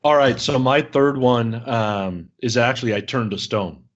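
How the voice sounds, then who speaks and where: A man's voice: mid-range voice, a little slow, dull audio. A man co-hosting a podcast in a casual chat, speaking with an eager, fan-like enthusiasm. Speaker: podcast co-host.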